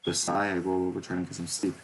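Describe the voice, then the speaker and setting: A game streamer reads a visual novel's narration aloud for viewers, stumbling and correcting himself along the way. His low voice is monotone and very fast, on a rough recording with a little hiss or hum.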